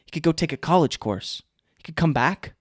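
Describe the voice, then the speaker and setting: A man co-hosting a podcast in casual chat, animated and joking, speeding up when he gets excited. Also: on the high side, a little fast, no echo, clean studio sound. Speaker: podcast co-host.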